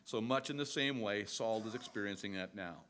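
A middle-aged male pastor preaching a sermon, animated and storytelling, swinging between loud and soft. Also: on the low side, normal speed, a little hiss or hum.

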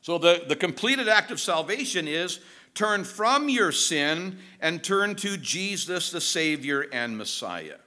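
Male pastor delivering a sermon, high and lively, bright tone, emphatic. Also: unhurried. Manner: emphatic, animated preaching with dramatic drops in pitch.

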